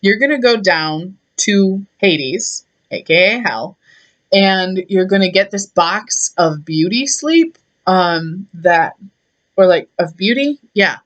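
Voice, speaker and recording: A woman's voice: medium pitch, slow pace, lo-fi sound, close to an everyday voice. Venus, a woman playing a vain bossy goddess. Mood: demanding. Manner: demanding, indignant.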